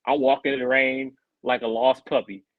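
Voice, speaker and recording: A man's voice: medium pitch, moderate pace, dry recording, narrow, tinny audio. A man co-hosting a podcast, telling a long story in casual chat and acting out the voices of the people in it. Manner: animated, acts out quoted voices. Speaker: podcast co-host.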